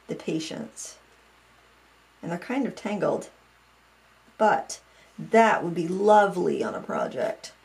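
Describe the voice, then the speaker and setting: A woman's voice: mid-range voice, vocal fry, a little mellow. A woman craft vlogger from Maine, chatting casually and thinking aloud as she sorts through old things, often joking at her own expense. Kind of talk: casual chat.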